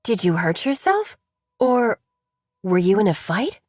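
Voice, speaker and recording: A woman voicing a tired woman in her thirties from Alabama, speaking in a low-key, quietly weary way. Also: big pitch swings, measured pace, no room sound, studio quality. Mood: subdued. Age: 30s.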